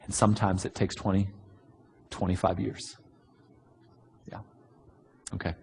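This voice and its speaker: A man preaching a sermon, answering written questions earnestly and bluntly with many pauses. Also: low voice, flat delivery, creaky, a little mellow, slight background noise. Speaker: pastor. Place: large church hall. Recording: long hall reverb.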